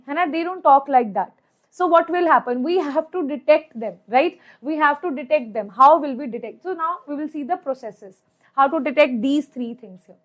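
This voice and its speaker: A woman's voice: sits high, normal speed. A young woman with an Indian English accent teaching chemistry in an online exam-prep lecture, chatty, repeating her points and asking "right?" again and again. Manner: chatty, repeats points, asks "right?" often, mixes in Hindi.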